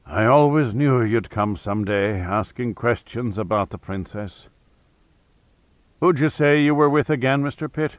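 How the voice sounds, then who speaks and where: A man voicing an old, big Irish seaman with a soft Irish accent, speaking tersely. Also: medium pitch, a little slow, no room sound, close to an everyday voice. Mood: melancholy. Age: older. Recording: thin phone-like dry audio.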